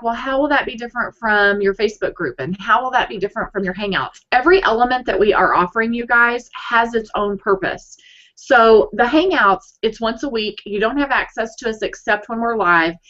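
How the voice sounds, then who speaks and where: A woman's voice: mid-range voice, a bit bright. A woman co-hosting a blogging webinar in a casual, upbeat, chatty way, often restarting her sentences. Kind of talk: casual live webinar chat. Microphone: video call. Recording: dull lo-fi video call audio.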